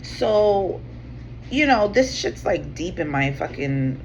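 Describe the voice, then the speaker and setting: A woman's voice: lowish voice, sing-song, slow pace, a little hiss or hum. A woman host chatting casually, telling a rambling story full of fillers and swearing. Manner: rambling, full of "like" and "you know what I'm saying", swears freely. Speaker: tarot channel host. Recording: slightly dull sound with faint room ambience.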